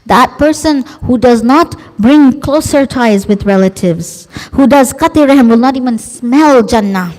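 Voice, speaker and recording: A woman preacher giving an emotive religious sermon, expressive and acting out quoted voices. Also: high voice, a little slow, hardly any pauses. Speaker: female preacher. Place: large community centre hall. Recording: long hall reverb.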